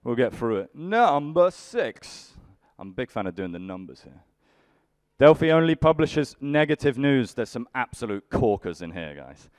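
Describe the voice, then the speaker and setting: A man's voice: mid-range voice, sing-song, normal speed, darkish tone, clean tone, no echo. A young man doing live stand-up comedy, grumpily bantering with the audience in a dry way. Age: young adult. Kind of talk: live stand-up with crowd work.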